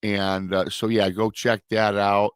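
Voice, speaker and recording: A man's voice: on the low side, flat delivery, measured pace, smooth, no echo, studio quality. A man from Michigan hosting a live talk show, chatty and prone to restarts. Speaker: show host. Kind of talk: casual live-show chat.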